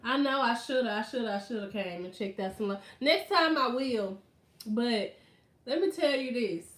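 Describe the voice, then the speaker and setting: A woman vlogger in casual chat, telling stories in an animated, slangy way. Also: a little high, normal speed. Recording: roomy echo.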